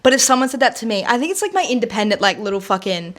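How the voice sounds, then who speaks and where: A young woman co-hosting a podcast, speaking in a casual, candid way. Her voice sits a little high for a woman. She swears freely and leans on "like" as a filler. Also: lively intonation, rapid-fire, fairly bright tone. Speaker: podcast co-host. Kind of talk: casual chat.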